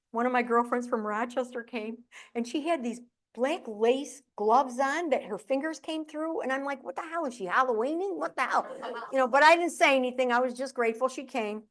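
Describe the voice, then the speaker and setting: Middle-aged ny woman doing a funny keynote, acts out her family, voice a bit high. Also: a bit bright. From upstate New York. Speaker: keynote speaker and humorist. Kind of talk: humorous keynote storytelling. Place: conference room with audience.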